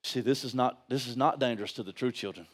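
A man preaching a sermon on a church stage, repeating phrases and firing rhetorical questions, swinging from shouts to hushed tones. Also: medium pitch, quick pace, breathy edge. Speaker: pastor.

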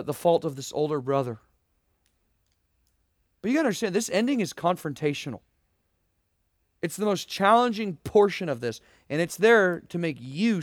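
A man's voice: fairly high pitch, no room sound, clean studio sound. A young man preaching a sermon, earnest and emphatic, asking rhetorical questions and addressing students directly. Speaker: pastor.

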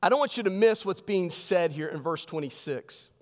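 A male pastor preaching a sermon with emphasis, his voice sinking low on key words. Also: animated, moderate pace. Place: church sanctuary. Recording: long hall reverb.

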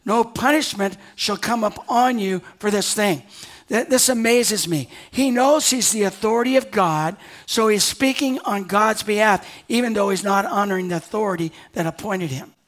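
A man's voice: high-pitched, a bit bright. A male pastor preaching a sermon, reading scripture and breaking into conversational asides with sudden emphatic rises.

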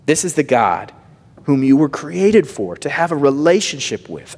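A man preaching a sermon, swinging from emphatic lines down to hushed, near-whispered phrases. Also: a little high, big pitch swings, normal speed, breathy edge. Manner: wide swings of loudness, dropping to near-whisper on key phrases. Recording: long reverb of a large hall.

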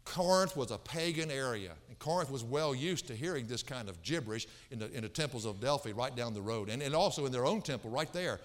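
Animated man preaching in a reverberant hall. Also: medium pitch, a little fast, few pauses. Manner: emphatic, repeats phrases for stress. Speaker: pastor. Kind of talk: expository sermon. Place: church sanctuary.

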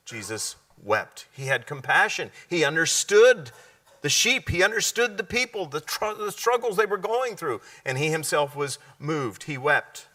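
A man preaching a sermon, often asking his listeners questions and answering them, sometimes dropping to a hushed, slow delivery. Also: on the high side, lively intonation, distant mic. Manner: drops to a hushed, slow delivery at key points.

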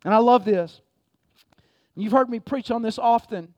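A man's voice: very high-pitched, normal speed, pauses often, darkish tone, dry recording. A man pastor, preaching an impassioned sermon and reading scripture aloud in a church.

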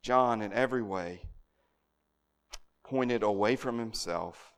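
A man's voice: on the low side, slow pace, clear, resonant tone, big-room sound. A man preaching an expository sermon, earnest and often repeating words as he restarts a thought.

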